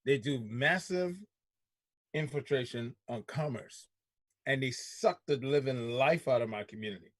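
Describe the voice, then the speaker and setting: A man's voice: mid-range voice, measured pace, no echo. A man co-hosting a casual group talk show, speaking emphatically and repeating himself for stress.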